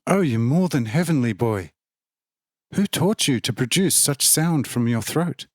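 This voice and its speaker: Awestruck excitable man, as read by a male narrator, exclaims high and eager, dry close sound. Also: normal speed, dry recording. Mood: enthusiastic.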